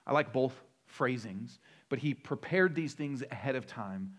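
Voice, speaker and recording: A man's voice: medium pitch, animated, measured pace. A middle-aged man, a pastor, preaching a sermon in a conversational way, joking with the crowd and building to emphatic repeated lists.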